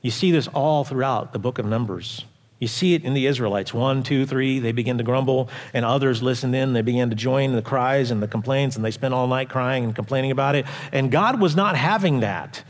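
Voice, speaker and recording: A man's voice: mid-range voice, steady tone, fairly quick. Man preaching a sermon in a reverberant hall. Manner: conversational preaching with rhetorical questions to the congregation. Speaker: pastor.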